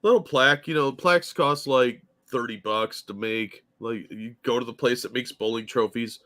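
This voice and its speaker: Guy ranting on a politics stream, cusses a lot, bright sharp voice. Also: mid-range voice, normal speed. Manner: blunt and profane, ranting. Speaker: co-host of a political talk stream. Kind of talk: casual political commentary stream.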